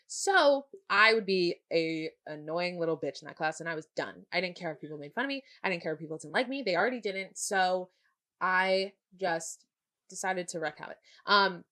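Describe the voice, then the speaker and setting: A young woman co-hosting a casual podcast, her voice bright and forward. She tells her stories with sarcasm and swears freely. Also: on the low side, normal speed. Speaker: podcast co-host. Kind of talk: casual chat.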